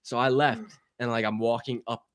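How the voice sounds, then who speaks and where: A young man telling a story on a talk show as a guest, animated and swearing, acting out the voices of the people in it. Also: medium pitch, normal speed, clean tone, dry recording. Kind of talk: casual storytelling.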